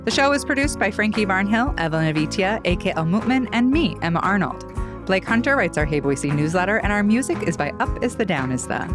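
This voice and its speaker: A woman's voice: medium pitch, lively intonation, fairly quick, over music. A woman hosting a casual local news podcast, joking and self-mocking, laughing often as she talks. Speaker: podcast host.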